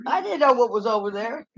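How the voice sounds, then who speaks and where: A middle-aged woman telling loose, halting stories from her past, repeating words as she goes and laughing at her own memories. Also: on the high side, muffled recording. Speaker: vlogger. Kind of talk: rambling personal storytelling.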